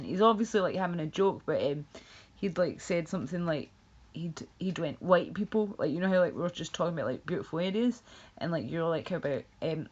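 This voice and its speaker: A woman with a low voice rambles bluntly through a casual livestream chat, swearing freely. Her talk is loose and full of asides. The audio is dull and lo-fi. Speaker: livestream host.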